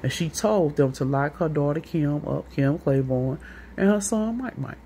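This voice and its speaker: A woman's voice: sits low, moderate pace, warm tone, slight background noise. A woman with a St. telling a long, rambling, profane story in a casual monologue, acting out what other people said. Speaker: vlogger.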